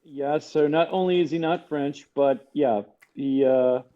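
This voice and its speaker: A man co-hosting a casual podcast chat, relaxed and wondering aloud. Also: a little high, measured pace, lo-fi sound. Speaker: podcast co-host.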